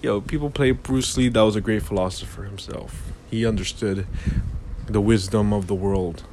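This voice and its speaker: A man's voice: fairly low pitch, fairly even intonation, normal speed, darkish tone, a little hiss or hum. A man hosting a casual motivational monologue, rambling and philosophical, with lots of "you know".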